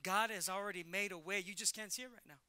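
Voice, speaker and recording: A middle-aged male pastor preaching a sermon in an animated way, acting out Bible characters in casual slang. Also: high-pitched, quick pace, smooth.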